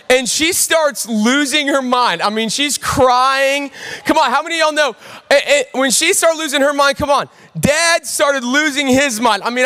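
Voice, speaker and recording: A young pastor with a very high voice preaches to a full church, telling a lively story and calling out to the crowd. Long reverb from the big auditorium hangs on his words. He talks in an animated way and keeps checking in with the room. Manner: storytelling, animated, audience call-outs. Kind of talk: sermon.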